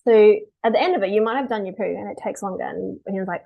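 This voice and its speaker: A woman dog behaviourist talking through a webinar, lively and chatty, acting out owners in quick quotes. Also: medium pitch, vocal fry, highs cut off. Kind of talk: webinar talk.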